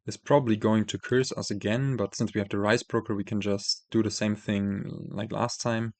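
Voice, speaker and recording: A man's voice: on the low side, little pitch movement, moderate pace, darkish tone, no echo. A man commentating his card game, thinking aloud with many fillers and self-corrections, while losing his voice. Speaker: host playing a card game. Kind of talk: casual gameplay commentary.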